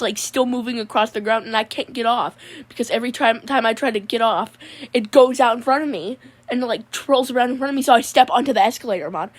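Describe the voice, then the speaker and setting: A woman's voice: a little high, lightly acted. A woman voicing a goofy, laid-back young guy with a mullet, drawling and rambling as he keeps calling people "mon". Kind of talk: comedic character monologue.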